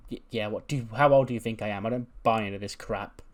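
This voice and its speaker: A man's voice: lowish voice, quick pace, natural voice. A man voicing an impatient, dismissive female wrestler who talks brusquely and scoffs.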